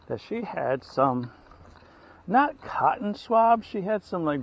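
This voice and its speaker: A man's voice: fairly high pitch, dull audio. A man outdoors on a hiking trail, giving tips in a casual, rambling vlog and often correcting himself mid-sentence. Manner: rambling, self-correcting, chatty. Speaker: hiker vlogger.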